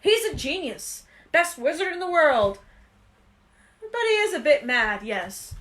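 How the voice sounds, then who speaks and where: A woman's voice: high voice, very animated, a little slow, a bit bright, pitched above the performer's own voice, exaggerated voice, rough recording. A woman voicing a pompous, self-important teenage boy prefect who speaks airily. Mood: airy. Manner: airy, pompous.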